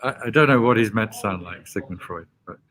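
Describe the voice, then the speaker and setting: A man's voice: fairly low pitch, quick pace, a bit bright. A man hosting a casual chat, asking short curious questions. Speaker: host.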